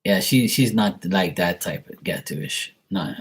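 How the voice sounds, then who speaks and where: A Bermudian man talks casually to his viewers in a loose, wandering monologue. His voice sits on the low side and has a husky edge. He drifts from story to story, often slipping into the voices of people he quotes. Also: animated, a little slow. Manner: chatty, digressive, mimics other people's voices in quotes. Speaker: vlogger answering viewer questions.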